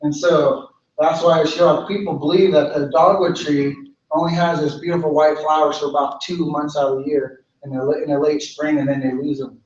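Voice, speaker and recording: A man, a cultural director, telling a traditional story in a relaxed way, repeating phrases. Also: fairly high pitch, normal speed. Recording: echoey room, far mic, dull.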